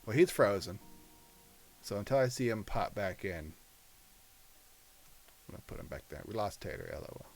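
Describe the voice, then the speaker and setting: A man's voice: lowish voice, big pitch swings, moderate pace, creaky, long pauses, faint music behind. A man hosting a casual chat show over a video call, joking and rambling playfully. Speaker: host.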